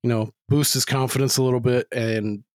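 A man's voice: mid-range voice, fairly even intonation, brisk, dry recording, clean studio sound. A man talking loosely in a casual podcast chat, rambling with lots of "like" and swearing freely.

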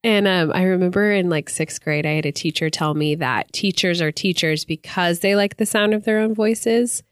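A woman's voice: fairly low pitch, smooth, dry recording, clean studio sound. Congested, nasal-voiced woman podcaster. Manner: chatty, laughs often, quick asides. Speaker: podcast co-host. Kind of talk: casual chat.

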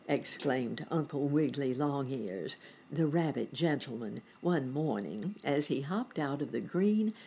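Slow, lilting woman storyteller. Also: low-pitched, darkish tone, slightly rough. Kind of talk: storybook read-aloud.

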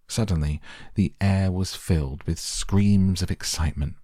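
A man with a very deep, husky voice narrates an audiobook in a measured storytelling manner. He is recorded close to the mic in a dry, dead room. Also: mellow, no echo. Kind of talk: scripted narration.

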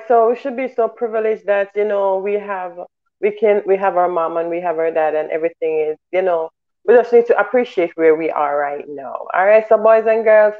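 A woman co-hosting a talk show, chatting in a relaxed, affirming way with loose restarts. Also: mid-range voice. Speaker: co-host. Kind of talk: casual talk-show chat. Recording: thin phone-like audio.

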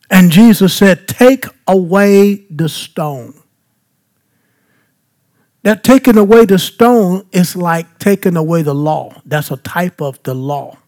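A man's voice: on the high side, a little mellow. A male pastor teaching a Bible passage as a sermon, often asking the congregation questions for them to answer and repeating phrases for emphasis. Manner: asks the congregation rhetorical questions to fill in.

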